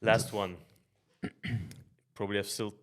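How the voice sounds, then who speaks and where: A man's voice: fairly low pitch, flat delivery, slow pace, a bit bright. A man from Belgium hosting a podcast, telling anecdotes with stammering restarts and dry humor. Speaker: podcast host. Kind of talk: casual podcast chat.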